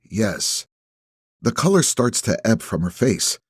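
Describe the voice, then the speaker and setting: A man narrating an audiobook in first person, with a measured, terse delivery. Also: medium pitch, big pitch swings, husky, dry recording, clean studio sound.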